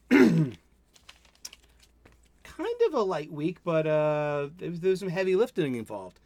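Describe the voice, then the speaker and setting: A man's voice: on the high side, expressive, takes it slowly, darkish tone, dry recording. A man, hosting a casual solo comics review stream and rambling enthusiastically with many self-interruptions. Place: home studio.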